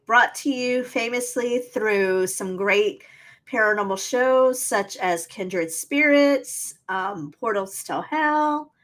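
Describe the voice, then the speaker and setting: A woman's voice: a little high, slow pace, fairly bright tone. A woman co-hosting a casual podcast, chatting and telling stories. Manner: chatty, storytelling. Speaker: podcast co-host.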